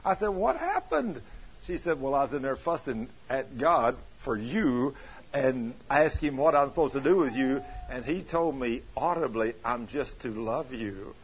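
A man's voice: mid-range voice, moderate pace, breathy edge. A man preaching with folksy storytelling, using plain country grammar and laughing as he talks. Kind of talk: sermon with storytelling. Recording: dull lo-fi sermon recording.

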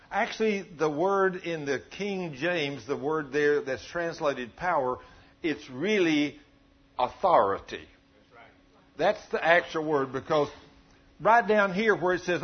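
Husky high-voiced folksy preacher man. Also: moderate pace, highs cut off. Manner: folksy, conversational, joking with the congregation. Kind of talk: sermon.

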